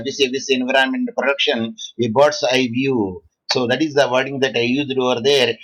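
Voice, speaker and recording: A man from India, giving a law lecture to students, halting often and quizzing the class. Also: medium pitch, a bit bright, poor audio. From South India.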